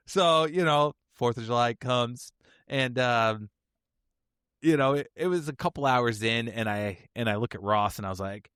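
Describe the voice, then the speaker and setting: Lively low-voiced man telling a story. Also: moderate pace, clean tone, dry recording, studio quality. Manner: animated, laughing storyteller. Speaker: podcast host. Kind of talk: casual storytelling chat.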